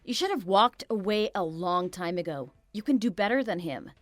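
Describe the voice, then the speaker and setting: A woman's voice: mid-range voice, expressive, normal speed, dry recording, faint music behind, lightly acted. A woman's text-to-speech voice playing a blunt, pushy friend who urges her to leave. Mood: blunt, urging. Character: blunt, protective female friend.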